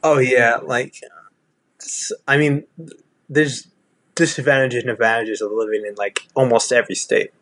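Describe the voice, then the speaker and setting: A man's voice: mid-range voice, level tone, normal speed, a bit bright, no room sound. A man from Texas with a Southern accent, chatting casually, rambling with lots of restarts and fillers. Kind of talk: casual chat.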